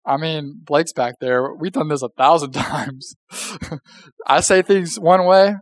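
Young man, relaxed sermon, fairly high voice, dry close sound, chatty and joking. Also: slow pace, no echo. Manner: conversational, joking, asks the audience questions. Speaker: pastor. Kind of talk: casual sermon.

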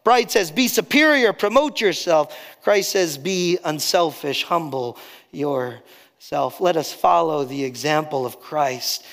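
A male pastor preaching a sermon, rising on key phrases and dropping soft and slow to drive points home. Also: fairly high pitch, expressive, long reverb tail.

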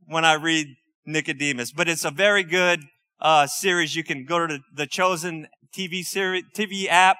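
Preacher guy, high bright voice, chatty sermon with little asides. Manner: conversational preaching with asides and laughs. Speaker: pastor.

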